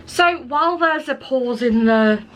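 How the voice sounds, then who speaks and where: A woman's voice: sits high, expressive, a little slow, music in the background. A young woman chatting casually to camera in a small indoor studio, rambling and interrupting herself as she talks. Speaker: small business owner and illustrator vlogging.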